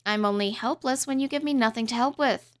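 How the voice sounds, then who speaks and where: A woman's voice: on the high side, brisk, dry recording, lightly acted. A woman voicing an eager young princess who pleads and insists. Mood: insistent.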